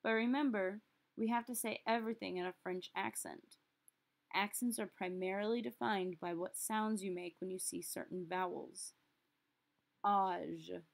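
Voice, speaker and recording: A woman teaching a recorded French lesson, explaining step by step and slowly repeating example phrases. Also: mid-range voice, fairly even intonation, vocal fry.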